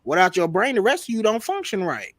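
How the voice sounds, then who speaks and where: A man's voice: high-pitched, huge pitch swings, fast talker, a bit bright, dry recording. Congested man in loose podcast chat. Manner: loose, slangy, swearing freely. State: congested from a cold. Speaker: podcast guest.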